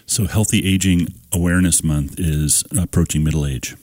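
Deep-voiced guy cohosting a radio show, deadpan dad jokes, dry studio mic. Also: moderate pace, no echo. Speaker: community radio co-host and music picker. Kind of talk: casual chat. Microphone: studio microphone.

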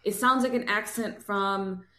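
A woman co-hosting a podcast in casual political chat, animated and emphatic, with exasperated asides. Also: mid-range voice, unhurried. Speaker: podcast co-host. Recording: roomy echo.

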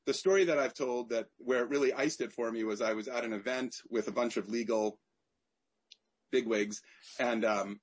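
Male author guest, husky voice, animated storyteller who restarts his phrases. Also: medium pitch. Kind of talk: conversational interview.

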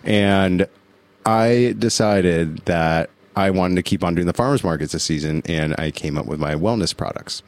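A man's voice: deep voice, moderate pace. A man chatting on a radio show in a studio, telling rambling stories and acting out what people said. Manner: rambling storyteller, acts out quotes. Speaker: radio guest. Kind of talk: casual chat.

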